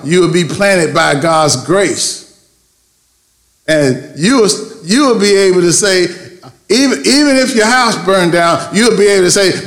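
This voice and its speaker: A male pastor delivers a sermon with a high-pitched voice. He leans on call-and-response and slows down to stretch out the words he wants to land. The recording rings with the echo of a church sanctuary. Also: a bit bright. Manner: preaching with call-and-response, drawn-out emphasis.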